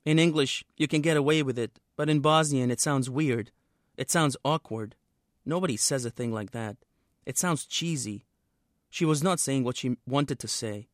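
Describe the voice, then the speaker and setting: A man, the author, reading a passage from his own novel aloud in a steady, measured way. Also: medium pitch, dry recording, studio quality.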